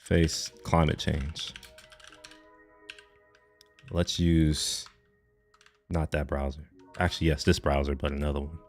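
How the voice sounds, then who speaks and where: A young man with a deep, low voice talks loosely into a desk mic, rambling, joking and swearing off-handedly. Faint music plays behind him as he chats on a live stream. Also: little pitch movement, slow pace, pauses often. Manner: rambling, jokey, swears casually. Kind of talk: casual live stream chat.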